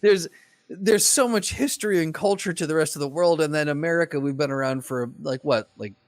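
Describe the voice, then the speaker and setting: A man's voice: fairly high pitch, brisk, dry recording. A man co-hosting a casual podcast, talking expressively, laughing into his sentences and restarting them. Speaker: podcast co-host.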